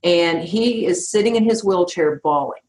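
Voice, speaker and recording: Agency owner, middle-aged woman, slightly low voice, blunt and emphatic, recorded with a roomy echo. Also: moderate pace, darkish tone. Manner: firm, emphatic, direct. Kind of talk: conversational interview answers.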